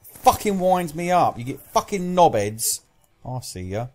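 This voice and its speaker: A man's voice: a little high, very animated, a little slow, faint music behind. A young British man commentating his own gameplay, swearing constantly and raging at other players. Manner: swears constantly, rages at teammates and enemies. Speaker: gaming commentator.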